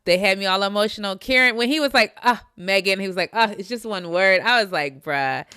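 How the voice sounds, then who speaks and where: A woman co-hosting a casual chat that recaps a reality show, expressive and quick to laugh, acting out quotes as she goes. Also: medium pitch, clear, resonant tone, no room sound, studio quality. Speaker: podcast co-host.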